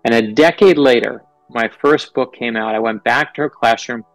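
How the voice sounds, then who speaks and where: A middle-aged man from New York, an author telling earnest, animated stories about his life as an interview guest. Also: mid-range voice, normal speed, no room sound, soft background music, low-quality recording. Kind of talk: interview storytelling.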